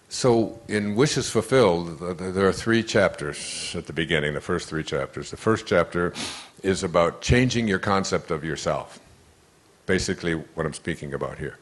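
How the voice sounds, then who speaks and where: An older man giving an inspirational lecture, telling a rambling story with restarts and asides. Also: low voice. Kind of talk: inspirational lecture to a live audience.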